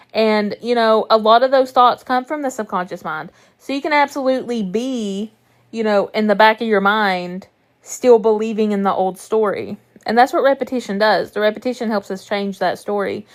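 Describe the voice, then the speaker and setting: A young woman coaching viewers through a live stream in a chatty, reassuring way, swearing now and then. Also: mid-range voice. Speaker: manifestation coach.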